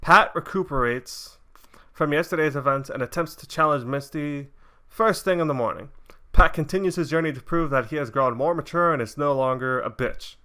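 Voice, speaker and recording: A young man chats through a casual recap for his reaction video. His voice is bright and forward, and he rambles, stumbling and restarting with plenty of fillers. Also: a little high, normal speed.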